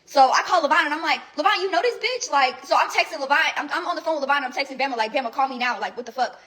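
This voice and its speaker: High-voiced young woman telling a blunt story. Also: very fast, pushed and bright, low-quality recording. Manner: blunt, rambling, lots of swearing and fillers. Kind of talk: casual storytelling recap.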